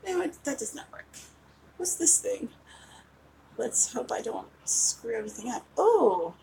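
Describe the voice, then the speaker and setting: A woman's voice: fairly high pitch, sing-song, measured pace, creaky, dark tone, a little hiss or hum, low-quality recording. A woman in her forties from West Virginia, an author chatting casually with viewers during a live writing session, giggly and rambling. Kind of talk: casual livestream chat.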